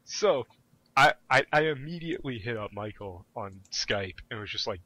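A young adult man telling stories in casual chat, animated and full of profanity. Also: mid-range voice, normal speed. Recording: dull lo-fi audio.

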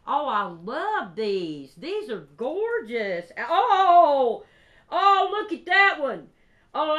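A woman chatting casually while unboxing craft gifts, gushing and excitable with drawn-out exclamations. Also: on the high side. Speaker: crafting vlogger.

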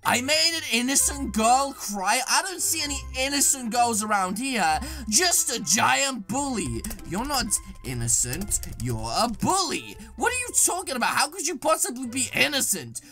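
A woman giving excitable gaming commentary, reacting with dramatic exclamations. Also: fairly high pitch, normal speed, few pauses, soft background music. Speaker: gaming YouTuber.

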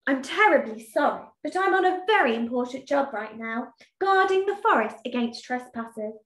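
A woman's voice: high voice, expressive, normal speed, fairly bright tone. A woman voicing a huge male boar who whimpers and shakes with fear while making excuses in a storybook. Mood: whimpering. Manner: whimpering and shaky. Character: huge fierce male boar, secretly scared. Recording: echoey room.

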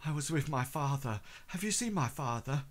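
A man's voice: medium pitch, expressive, moderate pace, lightly acted. A man voicing a frightened, injured young male miner who stammers and repeats himself in a tabletop game. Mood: shaken.

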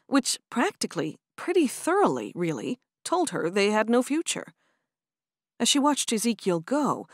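A woman reading a romance audiobook aloud, expressive and animated. Her pitch moves a lot. The recording is close and dry. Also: no room sound. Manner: expressive storytelling. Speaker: audiobook narrator. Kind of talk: scripted narration.

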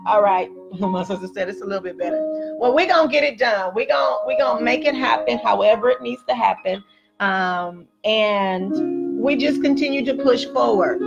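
A woman's voice: mid-range voice, creaky, dull audio. A woman leading a live-streamed devotional teaching and a prayer declaration. She chats with her viewers and repeats phrases for emphasis. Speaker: ministry founder leading a daily confession. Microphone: phone live stream.

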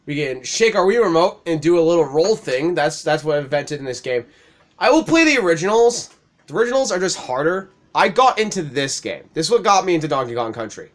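A man's voice: a little high, brisk. A young man giving casual let's play commentary, swearing freely, laughing often and getting worked up at the screen. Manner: profane, excitable, laughs often.

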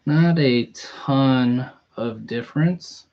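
A man live-streaming a toy unboxing in a relaxed, chatty way, greeting viewers by name. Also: medium pitch, drawn-out words, lo-fi sound. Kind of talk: casual live-stream chat.

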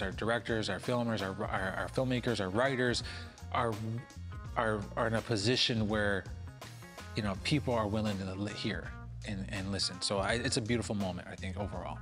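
A man who is a comedian and organizer, guesting on a casual show and talking in a lively way, laughing and swearing freely. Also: fairly low pitch. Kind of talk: casual chat.

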